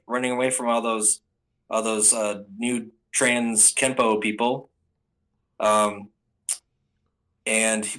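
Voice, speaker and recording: Man, mid-pitched voice, casual anime episode recap, rambling, lots of ums and restarts. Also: a bit bright, poor audio.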